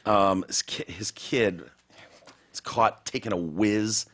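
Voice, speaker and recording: A man hosting a casual podcast, telling crude, profane stories with big jumps in pitch. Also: slow, fairly bright tone. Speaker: podcast host.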